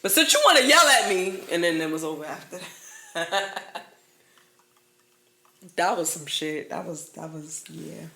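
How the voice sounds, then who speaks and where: A young woman, co-hosting a podcast, telling stories in an animated, profane way and laughing through them. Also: fairly low pitch, measured pace, creaky, long pauses. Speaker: podcast co-host. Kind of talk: casual storytelling chat. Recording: echoey room.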